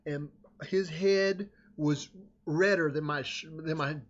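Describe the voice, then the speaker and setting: Man, slightly high voice, rambling and animated anecdote teller, dull lo-fi sound. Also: slow. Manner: rambling, self-interrupting, animated. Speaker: storyteller. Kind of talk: casual anecdote telling. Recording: dull lo-fi recording.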